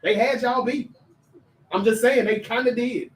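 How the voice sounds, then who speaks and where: A high-pitched man hosts a casual sports talk livestream in an animated, chatty way, talking straight to his viewers. His voice sits a little back from the mic and rings in an echoey room. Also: measured pace, far from the mic. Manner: animated, chatty, reads viewer comments aloud and addresses chat directly.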